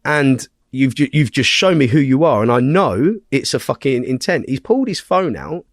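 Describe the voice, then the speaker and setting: Casting note: a male podcast guest, mid-pitched and recorded dry and close, telling a story bluntly with constant swearing. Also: animated, moderate pace, no room sound.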